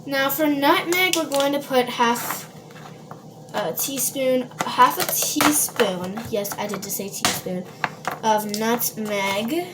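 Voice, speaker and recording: A woman's voice: a little high, slow pace, heavy background noise. A woman from Minnesota, chatting casually to viewers while she bakes in her home kitchen, rambling and full of fillers. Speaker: home baker vlogger. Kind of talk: casual baking vlog. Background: dishes and cutlery clatter.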